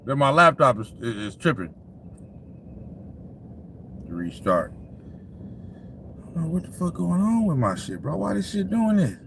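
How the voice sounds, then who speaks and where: Animated, laughing livestream sports ranter, a man. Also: mid-range voice, a little hiss or hum. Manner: laughs often, heavy profanity, talks straight to the chat. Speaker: sports talk livestream host. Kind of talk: casual profane livestream rant.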